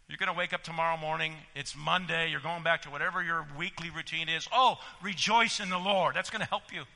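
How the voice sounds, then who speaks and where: A male pastor preaching a sermon in a church, exhorting his listeners and swinging between loud emphasis and hushed asides. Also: high-pitched. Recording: long reverb of a church hall.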